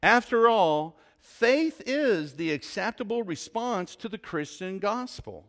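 A male pastor preaching a sermon in a church, emphatic, with rhetorical questions and dramatic pauses. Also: sits high, lively intonation, a bit bright. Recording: long hall reverb.

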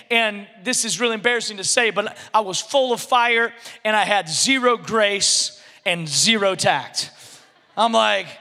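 A man in his thirties preaching a sermon in a conversational, animated way, with frequent restarts and acted-out quotes. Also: high-pitched, long reverb tail. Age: 30s. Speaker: pastor.

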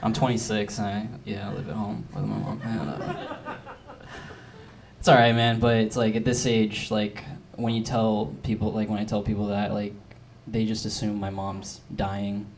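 A young male comic in his twenties rambles through a self-deprecating set, his voice sitting low. He leans on "like" and restarts as he goes. A live club crowd laughs behind him through steady noise. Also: normal speed. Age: 20s. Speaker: stand-up comedian. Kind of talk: stand-up comedy set. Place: comedy club stage. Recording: noisy live comedy club. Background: audience laughter.

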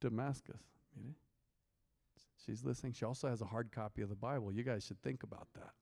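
A man's voice: mid-range voice, fairly quick, vocal fry, a little mellow. A man preaching an interactive sermon, reading scripture aloud and teasing and quizzing his congregation. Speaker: pastor. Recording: long hall reverb.

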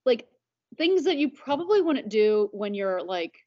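A woman in her thirties with a fairly high voice talks casually as a podcast guest. She rambles warmly through her points and fills them with "like". The audio is a little dull and lo-fi. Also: sing-song, unhurried. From United States. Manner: chatty, many "like" fillers. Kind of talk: casual conversation.

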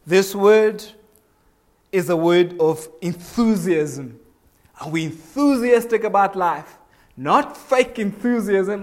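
Guy with a highish voice preaching, chatty, keeps asking the congregation stuff. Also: lively intonation, slow, a little mellow. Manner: conversational, asks the congregation questions, acts out little voices. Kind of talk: sermon.

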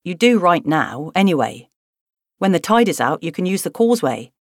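A woman's voice: fairly low pitch, big pitch swings, normal speed, no echo, studio quality. A woman voicing a cheerful, easygoing young man with a broad Cornish accent, in an audiobook reading.

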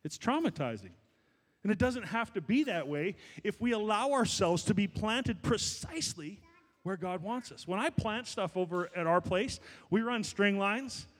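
A man preaching a sermon as pastor, building to loud, fervent exhortation. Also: high-pitched, lively intonation, normal speed, big-room sound.

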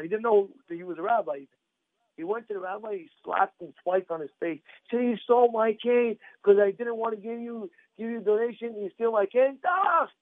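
Rabbi type, male, high-pitched and animated, repeats himself while telling stories, thin phone-like sound. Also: no room sound. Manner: animated, repetitive, acts out story voices. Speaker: rabbi giving a Torah class. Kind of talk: storytelling sermon. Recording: dry, phone-like narrow sound.

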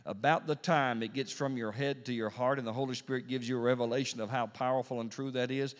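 A male preacher delivering a Pentecostal sermon in a medium-pitched voice. He drops to hushed, drawn-out words and then climbs to loud, emphatic peaks, hammering phrases through repetition. His voice rings out with the long reverb of a large hall. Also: steady tone. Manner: preaching with wide swings between hushed and loud. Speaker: pastor.

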